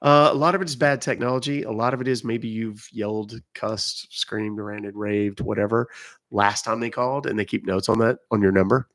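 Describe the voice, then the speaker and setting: A man's voice: lowish voice, fairly even intonation, moderate pace, a bit bright. A man hosting a live stream, chatting casually with viewers, reading out their comments and explaining phone and email rules. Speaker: livestream host.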